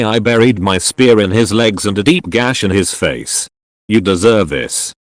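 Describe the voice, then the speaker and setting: A man narrating a first-person audiobook in an animated storytelling manner with dramatic swings, recorded on a close studio mic. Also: on the low side, no room sound.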